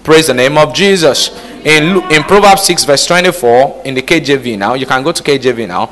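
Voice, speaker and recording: A man preaches a sermon in a church hall, his medium-pitched voice animated, fairly quick and fairly bright. He quizzes the congregation with call-and-response questions and keeps checking in with repeated "All right?" prompts. The hall is reverberant.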